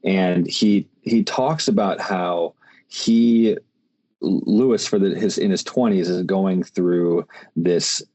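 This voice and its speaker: A man's voice: sits low, slow pace, mellow. A man hosting a podcast, chatting casually and rambling with many restarts and fillers. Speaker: podcast host. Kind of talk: casual conversation.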